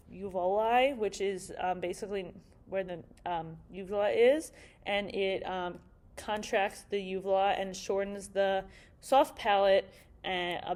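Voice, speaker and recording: Halting young woman presenting anatomy. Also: medium pitch, a little mellow. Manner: halting, many fillers and restarts.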